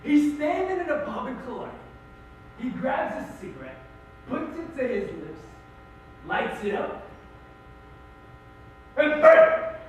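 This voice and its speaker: A teenage boy performing a monologue as a middle-aged Irish-American man, telling his story in an animated, wry and emotional way. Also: extremely high pitch, moderate pace, long pauses, a little hiss or hum. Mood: somber. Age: teens. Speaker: high school forensics performer. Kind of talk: competitive dramatic monologue. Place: school auditorium stage. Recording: echoey hall, distant mic.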